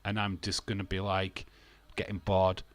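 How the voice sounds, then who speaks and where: A man's voice: sits low, completely flat delivery, normal speed, no room sound. A man hosting a wrestling watch-along stream, ranting bluntly in casual talk, swearing freely and laughing often.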